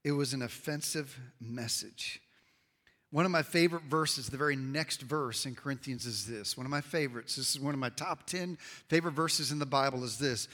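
A man preaching a sermon to his congregation, dropping low and quiet for emphasis and rising loud and high at peaks. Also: moderate pace, long reverb tail. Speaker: pastor. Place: church sanctuary. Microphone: handheld or wireless mic.

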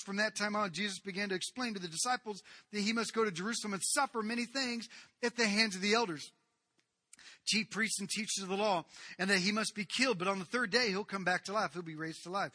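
A man preaching a sermon in a lively, storytelling way, acting out the people in the story. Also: high voice, dry recording, studio quality. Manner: animated, acts out the people in the story. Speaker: pastor.

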